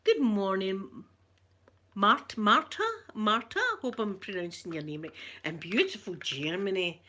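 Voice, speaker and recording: An older Scottish woman chatting softly and affectionately in an ASMR vlog, rambling along and greeting viewers by name. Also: mid-range voice, expressive, normal speed. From Scotland. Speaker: ASMR vlogger.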